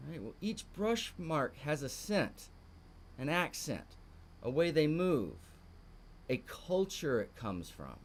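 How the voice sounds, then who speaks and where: Texan man teaching art, slow and emphatic with a sing-song lilt, faint room noise behind. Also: a little high, very animated. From Texas. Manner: emphatic, lingers on words, repeats phrases for stress. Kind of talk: live online morning art lesson.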